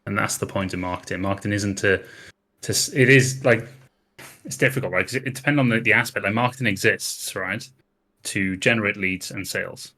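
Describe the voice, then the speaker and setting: Male panel guest with a very low, bright, forceful voice, confident and preachy. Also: fairly quick. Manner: confident, lecturing, emphatic. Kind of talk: casual panel chat.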